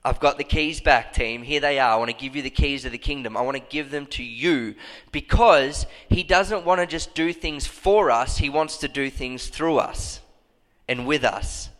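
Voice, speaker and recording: A man's voice: moderate pace, fairly bright tone. Passionate male preacher in a reverberant hall. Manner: passionate, bursts into high emphatic cries. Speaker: pastor. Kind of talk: sermon.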